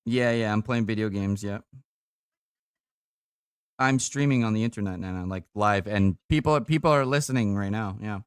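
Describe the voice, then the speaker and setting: A man's voice: lowish voice, moderate pace, long pauses, clear, resonant tone, no room sound, studio quality. A tired young man streaming live, chatting casually on a call with his grandmother, swearing often and laughing easily.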